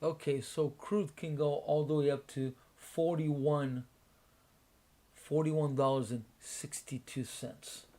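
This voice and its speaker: Slow, unhurried man muttering to himself. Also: a little high, fairly even intonation, warm tone. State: sleepy, yawning. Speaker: day trader streaming a live trading room. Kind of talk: casual thinking aloud while trading.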